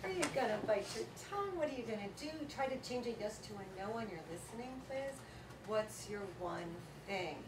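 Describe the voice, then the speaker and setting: A woman speaker talks to a live audience in a large hall, her voice a bit high and echoing as if picked up from some distance. She tells stories with lots of animation and laughs along the way. The audience's murmur and a hiss of background noise stay under her. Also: a little fast. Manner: animated storytelling, acts out quotes, laughs often. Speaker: workshop speaker. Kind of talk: lively motivational talk.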